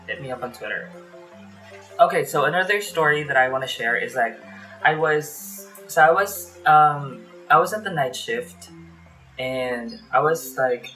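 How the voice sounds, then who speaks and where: A man from the Philippines telling call center stories in a casual vlog, chatty and full of fillers, recorded in a small warm bedroom with a fan running. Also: a little high, low-quality recording. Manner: chatty, lots of "like" fillers, acts out phone calls. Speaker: vlogger.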